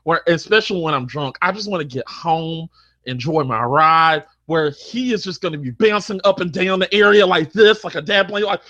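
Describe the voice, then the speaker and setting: Bright lo-fi man ranting. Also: a little high, moderate pace. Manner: exaggerated, ranting, repetitive, bursts into yelling. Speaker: panel contestant. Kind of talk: comedic rant.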